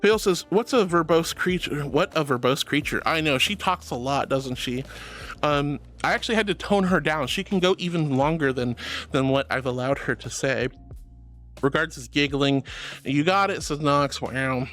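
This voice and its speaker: A woman's voice: deep voice, normal speed, a bit bright, faint music behind. A woman streaming live, chatting playfully and theatrically with her chat and reading their messages aloud.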